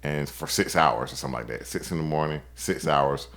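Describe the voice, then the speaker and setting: A man's voice: very deep voice, brisk, fairly bright tone. A man co-hosting a podcast in casual chat, joking and bantering. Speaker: podcast co-host.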